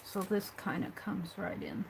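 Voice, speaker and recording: Woman chatting to herself while she glues a junk journal, slow and unhurried, faint hiss behind. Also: on the low side, sing-song, gravelly. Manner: unhurried, thinking aloud, trailing off and soft under her breath. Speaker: craft streamer. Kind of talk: live craft stream, talking while working.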